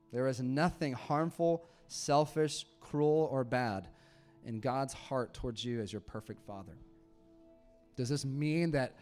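A pastor in his thirties gives a sermon in a relaxed, conversational way, with a voice of ordinary middle pitch. He moves between quiet, hushed stretches and loud, emphatic passages.

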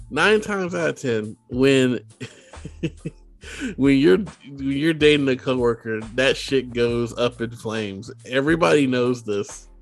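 A man's voice: medium pitch, lively intonation, slow pace, no room sound, faint music behind. A man co-hosting a casual book podcast who rambles, restarts his sentences and laughs a lot. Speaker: podcast co-host. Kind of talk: casual chat.

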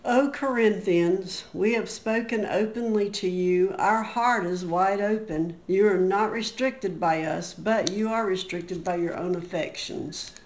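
A woman in a Bible study group reading scripture aloud in a quiet, steady voice. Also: medium pitch, measured pace, hardly any pauses, echoey room, poor audio.

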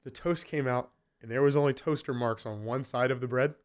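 A man's voice: medium pitch, fairly even intonation, fairly quick. A man co-hosting a podcast, chatting casually and crudely, joking and telling stories, from Florida. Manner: crude, joking storyteller, mimics voices. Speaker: podcast co-host. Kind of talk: casual chat.

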